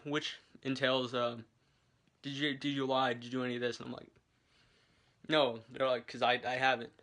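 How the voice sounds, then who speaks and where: A man's voice: mid-range voice, pushed and bright. A young man vlogging casually from his bedroom, rambling and chatty, filming on a handheld camera. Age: young adult. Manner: rambling, chatty, lots of fillers. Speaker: vlogger and military recruit.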